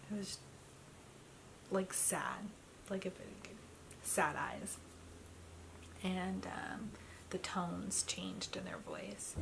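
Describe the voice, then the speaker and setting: A woman's voice: lowish voice, vocal fry, background noise. A young woman telling a personal story in a chatty way, full of fillers and quoting others.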